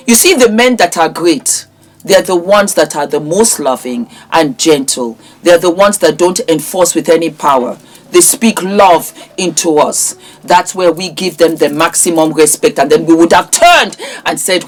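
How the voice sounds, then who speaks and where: A woman's voice: on the low side, lively intonation, moderate pace. A middle-aged woman, giving impassioned, preachy commentary as a vlogger and scolding a man directly. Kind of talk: impassioned social media commentary.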